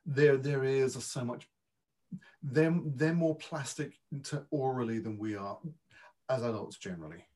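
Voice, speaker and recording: A man's voice: mid-range voice, unhurried, warm tone. A British man, a dialect coach, telling anecdotes in a conversational interview, modest and full of restarts.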